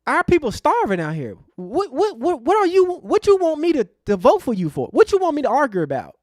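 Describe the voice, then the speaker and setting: Fiery high-voiced man on a livestream. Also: huge pitch swings, fairly quick, no room sound, studio quality. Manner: fiery, preachy, repetitive. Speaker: online show host. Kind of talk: impassioned livestream rant.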